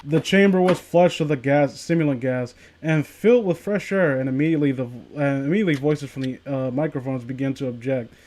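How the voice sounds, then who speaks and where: A man's voice: mid-range voice, a little fast, few pauses, a little mellow. A man reading a horror story aloud to friends, stumbling over words and breaking off to joke and laugh. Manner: stumbles and restarts often, laughs a lot. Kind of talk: casual reading with jokey commentary.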